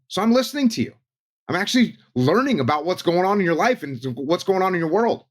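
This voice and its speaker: A man's voice: high-pitched, big pitch swings, fast talker. A man talking on a podcast panel in a casual, teaching way, driving his points home by repeating them as lists.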